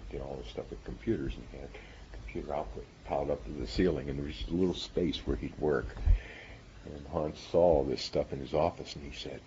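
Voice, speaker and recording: A man's voice: rumbling low, highs cut off, a little hiss or hum. An older man who is a physicist, telling stories from his graduate school years and chuckling at times. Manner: warm storytelling with chuckles. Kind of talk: reminiscing interview.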